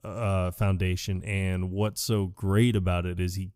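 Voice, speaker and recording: A man's voice: low-pitched, flat delivery, measured pace, darkish tone, no echo, studio quality. A man co-hosting a podcast, casually retelling a film plot in a rambling way and acting out the characters' lines. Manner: rambling, acts out quoted lines. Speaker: podcast co-host.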